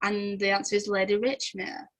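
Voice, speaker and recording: A woman's voice: mid-range voice, level tone, moderate pace, rough recording. A young woman, chatting casually as she goes through quiz answers and laughing often. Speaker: quiz host.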